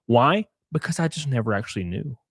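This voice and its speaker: A man's voice: mid-range voice, animated, a little fast, husky, dry recording, clean studio sound. Alabama man rambling through a livestream. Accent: Alabama Southern. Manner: rambling, crude, joking asides. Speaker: streamer reading chat. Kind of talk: casual livestream commentary.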